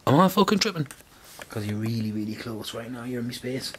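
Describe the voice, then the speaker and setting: Young Geordie vlogger, playful and animated, casual chat. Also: male voice, mid-range voice, a little fast, slight background noise. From North East England. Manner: playful, giggly, loud bursts.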